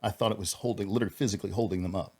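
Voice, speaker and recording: Deep-voiced man telling an earnest story. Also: steady tone, darkish tone, slightly rough. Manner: earnest, halting, with frequent restarts. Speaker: podcast guest, former police officer. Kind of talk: personal storytelling in a podcast interview.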